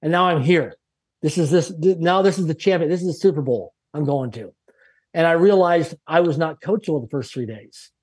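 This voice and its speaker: A man's voice: fairly high pitch, fairly quick, darkish tone, slightly rough. A middle-aged man from Canada, a guest on an interview show, telling his life story in an emphatic, repetitive, self-assured way. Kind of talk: motivational storytelling.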